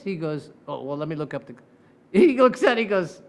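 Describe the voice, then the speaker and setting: High-voiced man telling animated stories. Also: a little fast. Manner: animated, acts out quoted voices, profane. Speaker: defense attorney. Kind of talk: casual storytelling.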